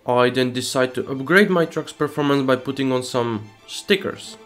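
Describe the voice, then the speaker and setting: Deadpan comic narrator, man. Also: mid-range voice, moderate pace, faint music behind. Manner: deadpan, sarcastic. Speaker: host. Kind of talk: comedic scripted narration.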